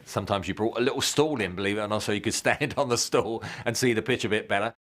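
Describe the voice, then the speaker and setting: A man's voice: lowish voice, quick pace, fairly bright tone. An older longtime fan casually recalling his childhood visits to the ground, with little chuckles. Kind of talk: reminiscing interview.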